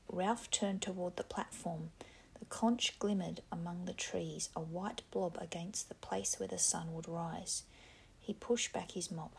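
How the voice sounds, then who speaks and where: A woman narrating a novel in a soft, half-whispered reading voice. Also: fairly low pitch, fairly even intonation, measured pace, gravelly, slight background noise. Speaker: audiobook narrator. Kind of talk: scripted narration.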